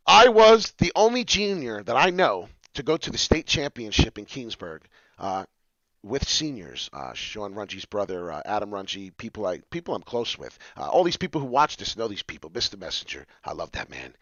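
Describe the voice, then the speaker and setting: A middle-aged man from New Jersey hosting a rambling personal crypto vlog, emotional, jumping between loud outbursts and mumbled asides. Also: on the low side, very animated, brisk, dry recording. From New Jersey, USA. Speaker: crypto video host. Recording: dry, dull lo-fi sound.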